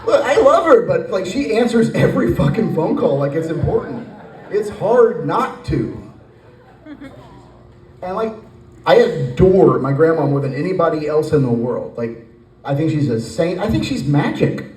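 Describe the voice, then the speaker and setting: A man in his forties tells a rambling stand-up story, slipping into acted voices along the way. His voice sits a little high for a man. It is heard from some distance in a roomy, echoing space. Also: big pitch swings, normal speed, a little mellow. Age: 40s. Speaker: stand-up comedian. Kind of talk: stand-up comedy set. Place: brewery stage with live audience.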